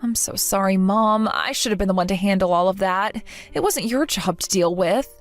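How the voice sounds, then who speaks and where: A woman's voice: medium pitch, moderate pace, faint music behind, natural voice. A young woman playing a jilted bride who talks earnestly and with strong emotion. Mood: tearful. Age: young adult. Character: jilted young bride, hurt but determined.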